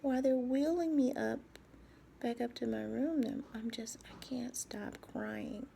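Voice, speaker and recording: A woman speaking in a halting, soft personal video diary, often dropping to a whisper and repeating herself as she searches for words. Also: on the high side, vocal fry, slight background noise. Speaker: vlogger.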